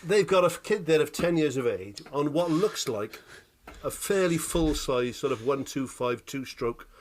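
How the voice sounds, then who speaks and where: Sweary man telling animated stories. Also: on the high side, moderate pace, a little hiss or hum. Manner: animated storytelling, sweary, keeps asking "right?". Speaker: podcast co-host. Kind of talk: casual chat.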